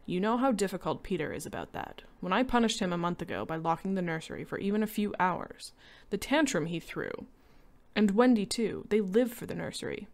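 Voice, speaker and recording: A woman voicing a calm, reassuring husband in a story reading. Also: medium pitch, a little fast, lightly acted. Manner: soothing, reassuring. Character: calm, amused husband, adult man. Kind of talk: reading a short story aloud.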